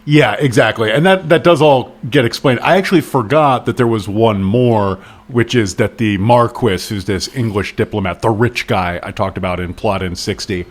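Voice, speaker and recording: A man with a somewhat low voice co-hosts a relaxed book chat. He talks in a wry, quick, self-deprecating way, griping with humor. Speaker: podcast co-host. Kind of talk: casual book discussion.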